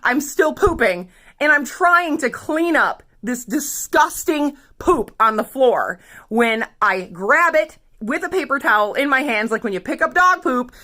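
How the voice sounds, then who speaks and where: A woman telling an embarrassing story in a frantic, shouting manner, near tears. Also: high voice, expressive, unhurried. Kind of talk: storytime monologue.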